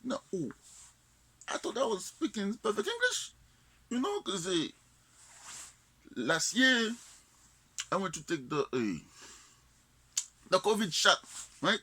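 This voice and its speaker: Haitian guy clowning around, bright highish voice, flips between creole and english. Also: wildly swooping pitch, slow pace, long pauses, breathy edge. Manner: playful, mixing Creole and English. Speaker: comedian. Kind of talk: comic monologue.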